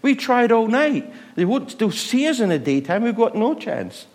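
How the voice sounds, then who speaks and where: A male preacher voicing a blunt, proud fisherman protesting loudly in a sermon story. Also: very high-pitched, very animated, normal speed, pitched above the performer's own voice, exaggerated voice. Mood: exasperated. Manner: raised, protesting, emphatic.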